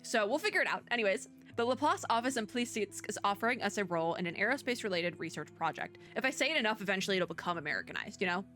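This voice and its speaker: A woman's voice: medium pitch, expressive, racing, few pauses, a bit bright. Brief: rambly young woman doing casual let's-play chat, game music faint behind. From US Midwest. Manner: chatty, rambling, heavy use of "like". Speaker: VTuber let's player. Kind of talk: casual gameplay commentary.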